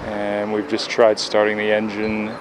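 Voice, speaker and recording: A man's voice: fairly low pitch, monotone, measured pace. A man recorded on the road at a roadside garage, speaking in candid, unsure, casual commentary as he thinks aloud. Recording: field recording with traffic noise.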